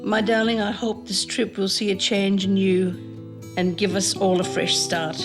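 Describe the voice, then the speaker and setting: A woman's voice: mid-range voice, little pitch movement, moderate pace. A middle-aged woman, a mother, reading a tender, pleading letter to her daughter aloud. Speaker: mother of a teen. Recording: interview with loud background music.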